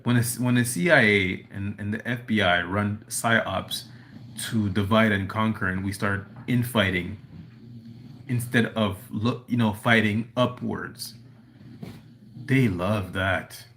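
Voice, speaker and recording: Speaking slowly in a fairly low, steady, slightly bright voice, this man chats with his livestream audience from home while a dog is close by. His talk rambles earnestly, peppered with "you know," over a little hiss or hum.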